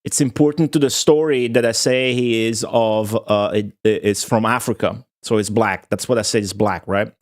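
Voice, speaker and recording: A man's voice: fairly low pitch, fairly even intonation, moderate pace, hardly any pauses. A young man, telling a long, profane story to his stream viewers in a rambling, laughing way. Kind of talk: casual rant to stream viewers.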